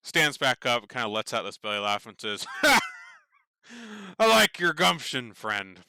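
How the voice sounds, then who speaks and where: Rambling male game master, bright voice. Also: lowish voice, clean tone, no echo. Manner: meandering, many fillers and restarts. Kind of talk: narrating a tabletop game.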